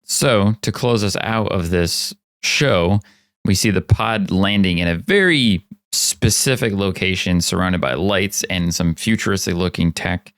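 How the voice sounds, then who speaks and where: Deep-voiced man chatting casually. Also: a little slow, no echo. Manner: animated, acts out quotes. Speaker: podcast host. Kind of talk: casual chat.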